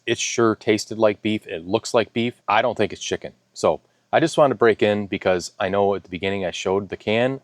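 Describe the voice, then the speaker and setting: A man's voice: fairly low pitch, no room sound. A man casually reviewing and taste-testing a ration pack at home, talking enthusiastically, sometimes with his mouth full. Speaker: food reviewer. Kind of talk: casual taste-test vlog. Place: home garage.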